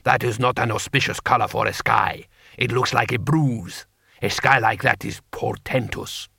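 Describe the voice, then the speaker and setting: A man voicing a blunt gravelly warlord. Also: mid-range voice, fairly even intonation, moderate pace, no room sound, studio quality, exaggerated voice. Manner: sharp, matter-of-fact. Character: blunt, unimpressed male warlord.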